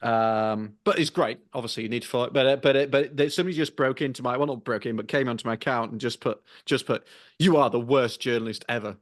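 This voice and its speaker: A man's voice: mid-range voice, fast talker, hardly any pauses, dry recording, clean studio sound. A man co-hosting a car podcast, chatting casually in a wry, self-mocking way with frequent restarts.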